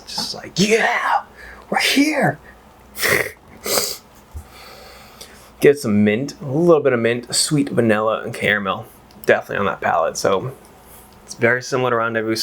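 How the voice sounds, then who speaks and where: A man's voice: lowish voice, vocal fry, a bit bright. A man reviewing whiskey in a casual, rambling chat that wanders off on tangents and is full of exclamations. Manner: exclaims and swears freely.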